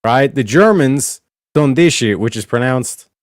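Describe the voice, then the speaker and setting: Smooth dry-voiced male streamer, rambling. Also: mid-range voice, expressive, measured pace, no room sound. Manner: rambling, profane, repeats "do you know what I mean". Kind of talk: casual explanatory stream talk.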